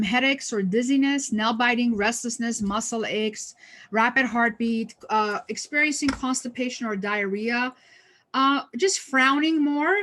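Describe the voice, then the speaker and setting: A woman's voice: medium pitch, fairly bright tone. A woman trainer giving a conversational workshop talk on stress, with lots of fillers and restarts and a touch of humor. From United States. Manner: lightly humorous. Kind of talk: online training presentation.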